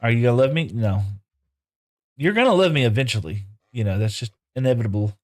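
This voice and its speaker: A man's voice: medium pitch, animated, brisk, a little mellow. A man live streaming a game, chatting casually, answering viewers and talking to the animals in playful broken baby-talk. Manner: answers chat messages aloud while playing.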